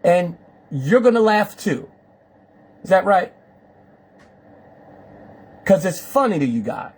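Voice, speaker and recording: Streamer host, male, husky high voice, badgering and repetitive delivery. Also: sing-song, slow pace, a little mellow. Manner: repetitive, insistent, preachy questioning. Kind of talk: confrontational live call-in chat.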